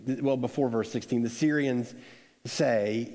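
A man preaching a sermon in a conversational, animated storytelling way, acting out quotes. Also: medium pitch, unhurried. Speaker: pastor. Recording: echoey hall with long reverb.

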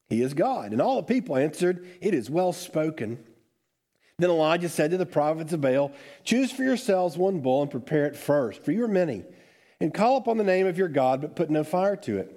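A man's voice: medium pitch, warm tone. A man serving as pastor who leads a church congregation in prayer, then earnestly reads scripture aloud with a few small self-corrections. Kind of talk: sermon with prayer and scripture reading.

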